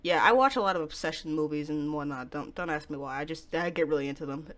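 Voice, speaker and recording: A woman giving let's play commentary, excitable, laughing often and breaking into loud startled outbursts. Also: low-pitched, fast. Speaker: game streamer.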